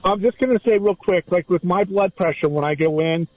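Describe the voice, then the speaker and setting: A man's voice: high voice, fairly quick, no room sound. Man, radio host, casual questions, dry close sound, lo-fi. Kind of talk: radio talk show discussion.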